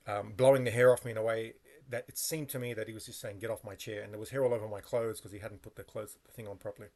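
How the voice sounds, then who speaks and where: A man telling a personal story in a casual vlog monologue, meandering and correcting himself as he goes. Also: medium pitch. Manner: meandering, with frequent fillers and self-corrections. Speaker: vlogger.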